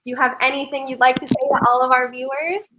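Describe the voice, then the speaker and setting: A woman host reads out final votes one at a time, pausing to build suspense. Her voice is bright and a little high, heard over a video call. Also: level tone, a little hiss or hum, rough recording. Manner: measured, suspenseful vote reading. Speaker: game host reading votes. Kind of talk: announcing results.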